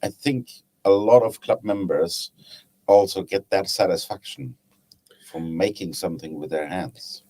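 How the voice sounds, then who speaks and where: Low-voiced man with a German accent. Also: unhurried, dark tone. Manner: chatty, hesitant restarts, laughs at own stories. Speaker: woodturning club member, guest. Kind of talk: casual podcast chat, storytelling.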